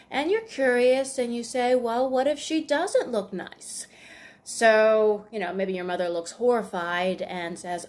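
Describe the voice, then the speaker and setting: A woman's voice: on the high side, fairly even intonation, measured pace. A woman hosting a self-help video, talking through examples in a casual, conversational way with frequent fillers and acted-out quoted dialogue. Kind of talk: casual explanatory monologue.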